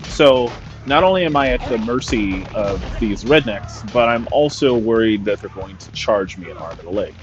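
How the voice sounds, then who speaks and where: A man's voice: on the low side, expressive, normal speed. A man from California telling a story casually and profanely, with wry asides, over gameplay. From Sacramento, California. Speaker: gaming storyteller. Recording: dull audio with faint background music.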